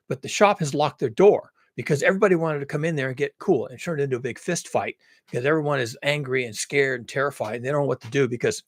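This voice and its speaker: A man's voice: medium pitch, no room sound, clean studio sound. A man in a ranting monologue, dramatically spinning grim scenarios with some swearing. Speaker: video creator.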